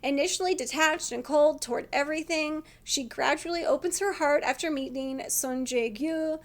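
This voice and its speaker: A woman's voice: sits high, normal speed, few pauses, fairly bright tone, a little hiss or hum. A woman chatting casually about TV dramas she has been watching, laughing often and acting out lines from scenes. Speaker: vlogger.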